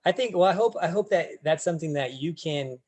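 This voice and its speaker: A man's voice: on the high side, animated, brisk, a little mellow, no room sound. Easygoing male podcast host, dry sound. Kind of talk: casual chat.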